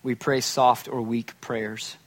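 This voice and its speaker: A man's voice: medium pitch, flat delivery, slow pace. A male pastor preaching a conversational sermon, with self-deprecating humor, who often acts out quoted voices.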